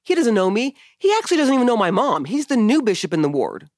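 A woman's voice: a little high, sing-song, quick pace, a little mellow, no room sound, studio quality. A woman hosting a podcast, telling a personal story in casual conversation, candid and emotional, swearing often. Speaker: podcast host.

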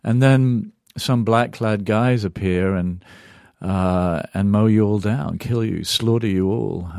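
A man's voice: deep voice, gravelly, darkish tone, dry recording, clean studio sound. A middle-aged Englishman, an author and journalist answering interview questions in a thoughtful way, searching for words and turning emphatic when moved. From England.

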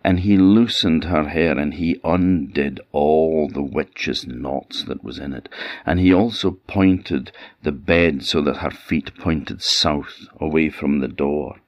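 A man with an Orcadian accent telling a traditional folktale with lively, dramatic delivery. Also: rumbling low, slow pace, no room sound, lo-fi sound. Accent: Orcadian Scots. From Orkney Islands. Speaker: traditional storyteller.

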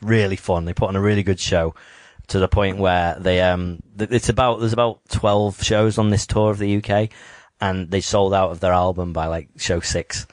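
A man chatting casually, rambling and hesitating with frequent ums. His voice sits in a fairly low register and is recorded dry and close. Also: fairly even intonation, moderate pace, few pauses, no echo. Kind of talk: casual chat.

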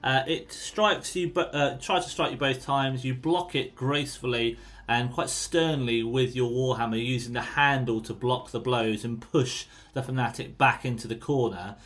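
A man, narrating a tabletop game as game master in an unhurried, descriptive and encouraging way. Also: medium pitch, steady tone, fairly bright tone.

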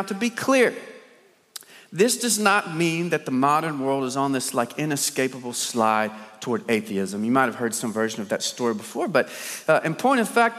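Preacher guy telling it dramatic, loud then hushed, big echoey hall. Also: a little high. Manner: dramatic storyteller, rhetorical questions, swings loud and soft. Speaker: pastor. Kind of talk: sermon. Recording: long hall reverb.

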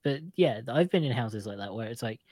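A woman's voice: extremely low pitch, lively intonation, a little fast, dark tone, no echo. A woman co-hosting a podcast in casual chat, rambling and laughing often. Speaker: podcast co-host.

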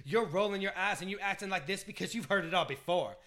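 A man's voice: mid-range voice, lively intonation, normal speed, close to an everyday voice. A man playing a female TV host who scolds a contestant in an impassioned monologue. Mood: furious.

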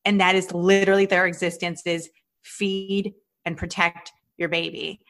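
A woman in her thirties with a somewhat low voice, co-hosting a podcast. She tells stories with energy, swears casually, and slips into quick voices for the people she quotes. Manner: animated storytelling, swearing, quoting herself in put-on voices. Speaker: podcast co-host, stand-up comedian. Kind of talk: casual chat.

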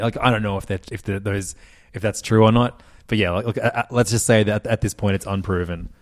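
A man's voice: on the low side, a little fast, darkish tone. A man co-hosting a podcast in casual chat, rambling with fillers and frequent laughs. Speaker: podcast co-host.

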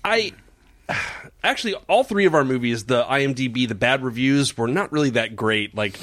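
A man's voice: mid-range voice, lively intonation, moderate pace, a bit bright, no echo. Dry-voiced male podcast co-host. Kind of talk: casual film-podcast chat, reading a review aloud.

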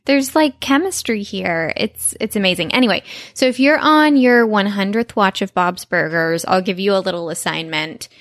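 A woman's voice: mid-range voice, normal speed, few pauses, no echo. A woman co-hosting a podcast in casual chat, talking enthusiastically with lots of fillers. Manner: enthusiastic, chatty, many fillers. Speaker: podcast co-host.

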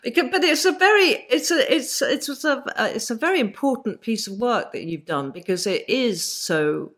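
A woman's voice: on the high side, lively intonation, normal speed, fairly bright tone. A woman, hosting an interview, speaking in an effusive, reassuring way. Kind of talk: casual interview chat.

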